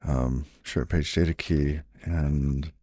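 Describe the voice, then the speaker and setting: Very deep-voiced man muttering while debugging. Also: fairly even intonation, takes it slowly, mellow, no echo, studio quality. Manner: muttering to himself, trailing off, chatting to viewers between code reads. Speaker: programmer live-streaming his coding. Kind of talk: casual thinking aloud while debugging.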